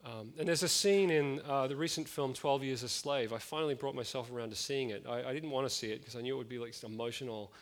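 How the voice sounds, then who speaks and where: A man's voice: medium pitch, fast, hardly any pauses. A man in his late thirties preaching a conversational sermon, with frequent fillers and chatty asides.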